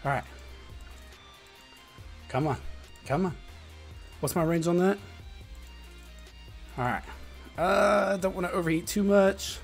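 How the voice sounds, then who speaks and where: A man's voice: high voice, takes it slowly, gravelly, pauses often, soft background music. A man commentating his own live gameplay, muttering and swearing as the fight swings. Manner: excitable, swearing, muttering under breath. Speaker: game streamer.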